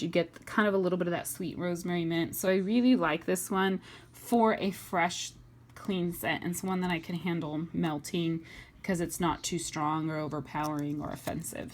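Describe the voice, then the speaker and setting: Woman vlogger, lower voice, casual chatty reviewer, slight hiss on the track. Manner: chatty, enthusiastic, lots of fillers. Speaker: wax melt reviewer. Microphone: webcam or phone mic.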